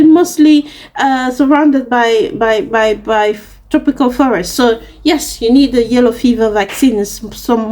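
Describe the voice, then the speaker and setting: A young woman from Africa vents to her viewers in a high, bright voice. She speaks with passion and emphasis, and she sounds indignant as she tells her story straight to camera. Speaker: vlogger. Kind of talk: casual storytelling rant to camera.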